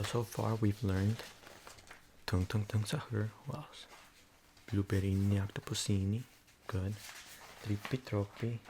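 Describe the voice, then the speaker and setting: A man in a whispered role-play, rambling softly with lots of fillers and coaxing the listener to repeat silly names after him. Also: lowish voice, background noise. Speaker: ASMR creator.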